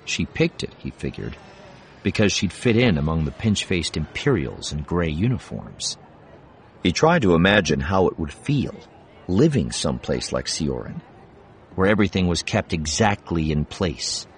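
A man narrating a science fiction audiobook in a measured, expressive reading. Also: sits low, slight background noise. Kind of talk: scripted narration.

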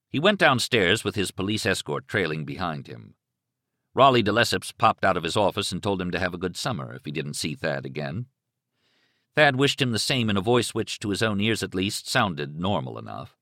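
A man reading a suspense novel aloud with expressive, dramatic delivery. His voice sits on the lower side but moves widely in pitch, with a bright, sharp edge. It is recorded dry and close in a booth. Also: no echo. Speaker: audiobook narrator. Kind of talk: scripted narration.

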